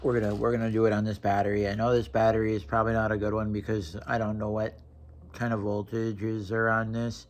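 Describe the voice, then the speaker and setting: A man's voice: lowish voice, level tone, a little fast. A young man from Wisconsin, ranting casually to camera with blunt, profane talk and lots of restarts. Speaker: vlogger.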